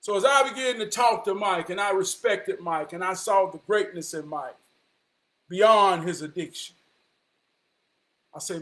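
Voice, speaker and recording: High-voiced man telling a story. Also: unhurried, long pauses. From Charlotte, North Carolina. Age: 40s. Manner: animated, vernacular, quotes people in dialogue. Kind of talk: personal storytelling.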